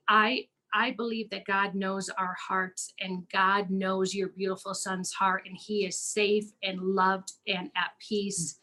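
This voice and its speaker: A woman guest on a live show, speaking gently and caringly, with many fillers. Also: mid-range voice. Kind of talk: supportive casual talk.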